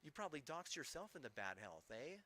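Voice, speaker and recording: A man's voice: on the high side, big pitch swings, fairly quick, sharp tone. A man streaming, ranting angrily with heavy swearing and rambling, restarting sentences. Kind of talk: angry profane rant.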